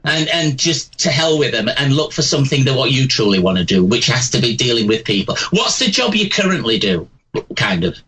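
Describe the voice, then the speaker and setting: A man giving callers blunt, animated psychic readings on live call-in radio. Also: medium pitch, a little fast, slight background noise, rough recording. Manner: blunt, chatty, animated, says "bugger off", "bloody", "love", "posh".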